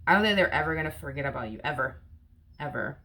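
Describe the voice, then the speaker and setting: A woman's voice: low-pitched, lively intonation, quick pace, bright, forceful tone, slightly rough. A woman giving a casual tarot reading to camera, repeating herself with rhetorical questions and many fillers. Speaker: tarot reader.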